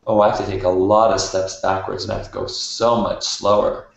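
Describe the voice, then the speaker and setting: A man's voice: deep voice, little pitch movement, a little fast, gravelly. A man on a discussion panel reflecting on teaching his young son, speaking in a thoughtful, anecdotal way. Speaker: parent panelist. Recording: very echoey, dull room sound.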